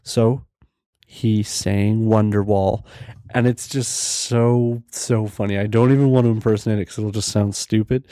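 A young man talks through his own podcast in an easygoing, enthusiastic ramble, full of restarts and fillers. His voice sits on the low side with a mellow, relaxed tone, recorded dry and close with no room sound. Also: unhurried, no room sound. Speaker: podcast host. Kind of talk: casual solo podcast talk.

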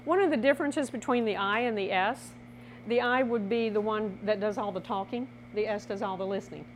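A woman presenting a workshop in a lively teaching style, acting out little scenes as she explains. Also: mid-range voice, brisk, a little hiss or hum. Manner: animated, laughing, acts out little scenes.

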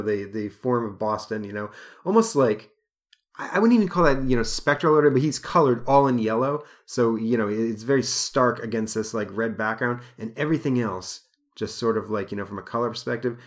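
A man hosting a podcast, rambling through a casual comic book review with many fillers. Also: fairly low pitch. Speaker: podcast host.

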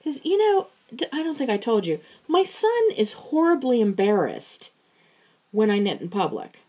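A woman's voice: a little high, very animated, normal speed, dark tone. A woman from Pittsburgh, a farmer and podcast co-host, chatting casually and restarting her sentences often. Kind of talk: casual chat.

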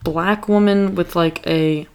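A woman's voice: lowish voice, steady tone, slow, a little mellow, clear, resonant tone. A woman co-hosting a casual podcast, chatting animatedly about a TV episode with lots of filler words. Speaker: podcast co-host. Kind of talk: casual chat recapping a TV episode.

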